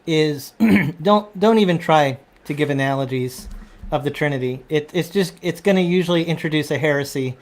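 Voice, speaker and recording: A man hosting a casual conversation, talking haltingly with restarts and throat clearing. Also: a little high. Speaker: host. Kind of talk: casual chat.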